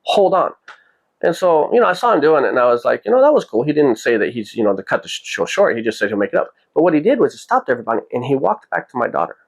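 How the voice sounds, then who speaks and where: Brief: male vlog host, rapid casual storytelling, mid pitch, rambling. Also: big pitch swings, creaky. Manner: rambling, full of "you know" and quoted dialogue.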